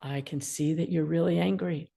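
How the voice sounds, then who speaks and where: Low-voiced woman in her sixties. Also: moderate pace, creaky. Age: 60s. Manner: animated, acts out quoted feelings. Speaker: attorney mediator and parenting guest. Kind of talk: explaining parenting advice.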